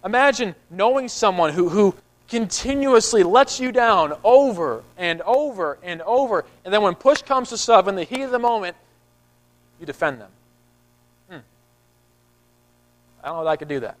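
In a rough recording, a man whose voice sits on the high side delivers a sermon in a conversational way. The pastor frequently repeats words and acts out the characters in his story.

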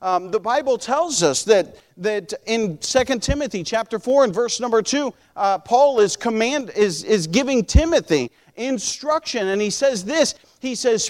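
A man with a notably high-pitched voice delivers a sermon as a pastor. He speaks earnestly and conversationally, with frequent restarts, then slows and lifts his voice for each scripture quotation. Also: lively intonation.

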